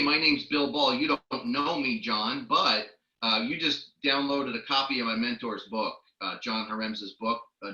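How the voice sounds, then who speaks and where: A man giving a network marketing training talk as a lively storyteller, acting out the people he quotes. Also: medium pitch, roomy sound, dull audio. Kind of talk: training talk with personal stories.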